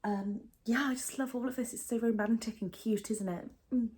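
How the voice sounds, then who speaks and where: A woman's voice: fairly high pitch, steady tone, normal speed, a little mellow. A young British woman chatting casually through a product unboxing, rambling with lots of fillers and asides. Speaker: beauty vlogger.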